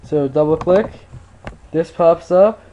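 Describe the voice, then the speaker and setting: A man's voice: a little high, takes it slowly, mellow, highs cut off. A man casually talking through a computer tutorial, rambling a little with fillers. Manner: laid-back, rambling with fillers. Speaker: tutorial maker. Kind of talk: casual screen-recorded tutorial.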